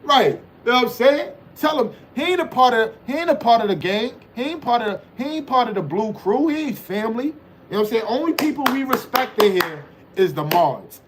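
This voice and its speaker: A man hosts a livestream and riffs on the chat in loose, teasing banter. His voice sits high for a man. A faint hiss of noise runs underneath. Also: very animated, fairly quick. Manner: loose, teasing banter with frequent "you know what I'm saying". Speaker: livestream host reading chat.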